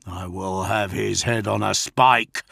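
A man voicing a gruff, wrathful male space marine commander in an audiobook, barking orders in a raised, intense voice. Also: on the low side, steady tone, takes it slowly, sharp tone, no room sound, clean studio sound, exaggerated voice. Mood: angry. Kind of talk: audiobook character voice.

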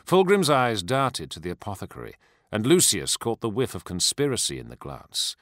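A man reading a dark fantasy novel aloud with measured, expressive narration. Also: fairly low pitch, no echo, clean studio sound. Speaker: audiobook narrator. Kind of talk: scripted narration.

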